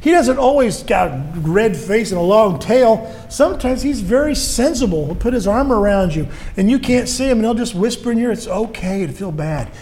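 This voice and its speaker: A man's voice: very high voice, lively intonation, brisk, hardly any pauses, darkish tone. A man preaching a sermon in an earnest way, acting out quoted voices as he goes.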